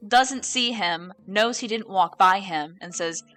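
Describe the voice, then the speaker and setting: Bright-voiced woman running a tabletop game. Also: medium pitch, measured pace, soft background music. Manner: hesitant, many ums while describing scenes. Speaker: dungeon master.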